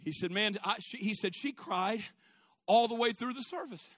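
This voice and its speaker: A man preaching. His tone is bright and forceful, and the sound is dry and close. He drops to hushed storytelling, then rises to shouting. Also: high-pitched, normal speed, no echo. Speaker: pastor. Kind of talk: sermon.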